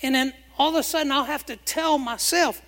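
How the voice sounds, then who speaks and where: A man's voice: very high voice, a little fast, a bit bright. A man preaching a sermon as pastor, emphatic, asking the congregation questions and having them repeat phrases back. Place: church sanctuary. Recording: long reverb of a hall.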